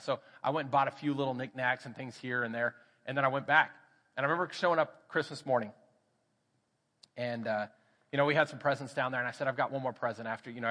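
A man with a Texan accent, a pastor telling a personal story in a sermon and acting out the voices in it. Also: medium pitch. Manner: animated storytelling, acts out quoted voices. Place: church sanctuary. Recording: church hall reverb.

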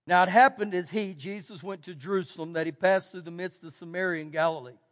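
High-voiced Texan preacher in a reverberant hall. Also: male voice, fast. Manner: preaching with emphatic repetition and shifts between loud and quiet. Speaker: pastor. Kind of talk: sermon. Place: church sanctuary. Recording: church hall with long reverb.

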